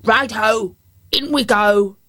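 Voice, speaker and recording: A woman's voice: fairly high pitch, slow, sharp tone, exaggerated voice. A woman voicing a scruffy, clever old dog with a hearty, cheerful way of talking. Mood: eager.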